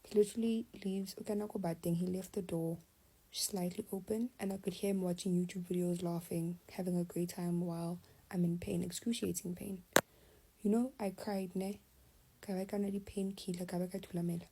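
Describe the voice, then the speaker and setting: A woman's voice: medium pitch, normal speed, husky, rough recording. A young adult woman, telling a personal story in casual storytime style, often dropping to a half-whisper. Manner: confiding, animated retelling, often half-whispered.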